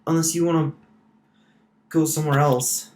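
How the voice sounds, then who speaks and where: A man doing a high, eager young sailor woman. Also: fairly even intonation, moderate pace, a little mellow, slight background noise, natural voice. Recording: roomy echo.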